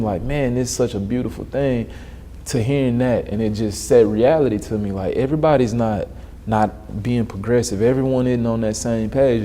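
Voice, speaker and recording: A young man from Dallas, a guest telling animated stories in a casual interview and acting out the voices he quotes. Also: medium pitch, slight background noise. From Dallas, Texas.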